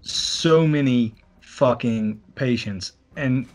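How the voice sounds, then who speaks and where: A man co-hosting a casual movie podcast over beers, sarcastic and profane, joking as he picks the film apart. His voice sits at an ordinary middle pitch. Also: slow. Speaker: podcast co-host.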